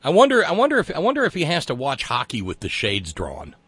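Male talk radio host, sardonic, mocking, animated swinging pitch, dry close studio sound. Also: fast talker, husky, dry recording. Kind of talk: call-in radio chat.

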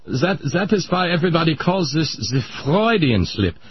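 Man doing a smug old Viennese shrink, mock-German accent, lecturing, husky, muffled radio sound. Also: on the high side, big pitch swings, moderate pace, dry recording. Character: pompous older male Viennese psychiatrist. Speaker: comedy sketch character. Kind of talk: radio comedy bit.

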